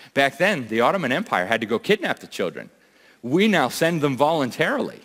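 A man speaks from a stage to a conference crowd, urgent and emphatic, firing off rhetorical questions. His voice sits fairly low. The sound rings with the long reverb of a big hall. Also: a bit bright. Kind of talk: impassioned speech to a live audience. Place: large event hall.

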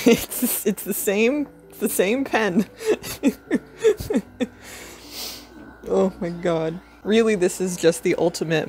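A woman's voice: mid-range voice, lively intonation, measured pace, a little mellow, a little hiss or hum. A woman vlogging casually, cooing at and playfully scolding her pet rabbit, laughing often.

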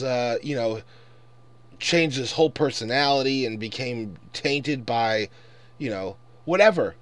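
A man's voice: a little high, a bit bright, no room sound. A man in his twenties ranting angrily and profanely in a casual commentary. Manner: angry, profane, exasperated. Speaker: vlogger.

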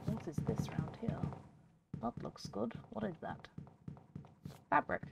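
A gaming video host chats casually with her viewers as she commentates a game, laughing often. Her mid-range voice is unhurried and creaky. Faint background noise and clicks can be heard in the recording.

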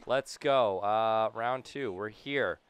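A young man casually commentating his own video game play, rambling between topics and breaking into sudden loud cheers. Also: on the low side, takes it slowly, clean tone. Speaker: gaming YouTuber.

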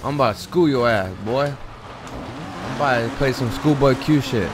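A man's voice: medium pitch, lively intonation, unhurried, background noise. A young man giving casual gameplay commentary, joking around and trash-talking with plenty of swearing. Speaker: gamer.

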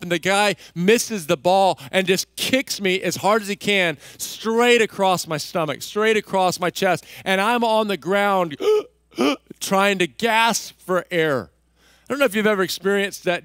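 A male pastor from Texas preaching a sermon, telling a story with lively delivery and acting out the voices of people in it. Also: sits high, clear, resonant tone, no room sound. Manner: animated, acts out voices in his stories. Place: church stage.

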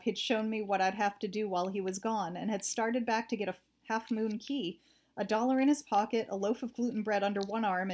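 A woman reads a first-person story aloud as an audiobook. Her narration is steady and plain, at a middle pitch. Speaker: audiobook reader.

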